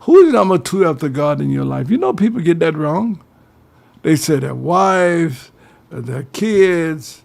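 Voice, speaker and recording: A man's voice: fairly high pitch, creaky, darkish tone. An older man, giving preachy advice on a talk radio show and calling his listeners fellas. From Georgia, US.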